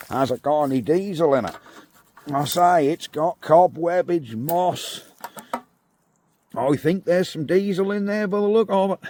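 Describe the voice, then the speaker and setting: A man's voice: fairly high pitch, darkish tone, no room sound. Bloke chatting to his viewers in a yard, phone on a bench, voice jumps all over. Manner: chatty, cheerful, talks to viewers. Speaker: vlogger. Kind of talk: casual chat to camera. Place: outdoor farm yard. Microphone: phone propped up.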